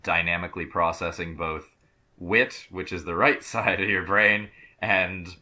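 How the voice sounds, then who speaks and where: A man's voice: low-pitched, steady tone, unhurried, pushed and bright. A man appearing as a podcast guest, chatting casually with crude jokes and teasing. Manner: joking, crude interjections.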